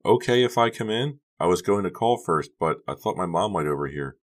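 A man voicing a high-strung, upset teenage girl who talks shrilly and anxiously in an audiobook. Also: lively intonation, fairly quick. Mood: shy. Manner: shrill and agitated. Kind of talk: audiobook character voice.

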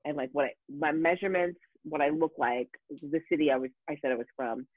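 A woman telling a story in casual talk, animated and profane, with many fillers and restarts. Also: low voice, a little fast, breathy edge, no echo. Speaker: guest. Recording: tinny phone-like dry sound.

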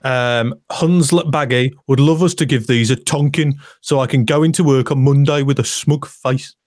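Man, podcast co-host, chatty, mid pitch, dry close recording. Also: steady tone, normal speed, darkish tone, no echo. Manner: chatty, reads out listener comments. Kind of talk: casual football podcast chat.

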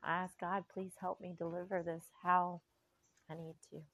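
A middle-aged woman giving an emotional personal testimony, slow and heartfelt with faith-filled sighs and pauses. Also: lowish voice, level tone, a bit bright, muffled recording. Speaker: vlogger.

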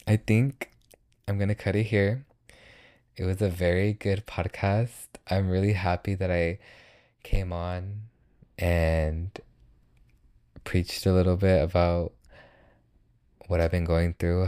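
On his own motivational podcast, a young male host sounds earnest and comforting, his very low, mellow voice clear and resonant. He talks without hurry and repeats phrases to reassure the listener.

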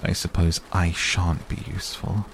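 A man voicing a gentle, simple-minded male bear who speaks humbly and softly. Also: low-pitched, little pitch movement, a little hiss or hum. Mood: humble. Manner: humble, slow and soft-spoken. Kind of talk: storybook reading.

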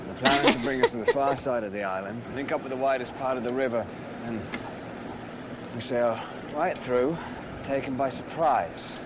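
Brief: a sardonic pirate captain, dry and theatrical, over loud boat-and-water noise. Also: male voice, mid-range voice, big pitch swings, normal speed. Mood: wry. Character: scheming pirate ship captain, sardonic man.

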